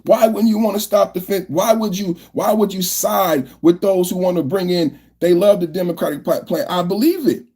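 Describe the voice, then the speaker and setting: A man's voice: high-pitched, moderate pace, hardly any pauses, mellow, husky. A male podcast host doing political commentary, firing off repeated rhetorical questions and often asking viewers to like the video. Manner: repetitive, fired-up rhetorical questions.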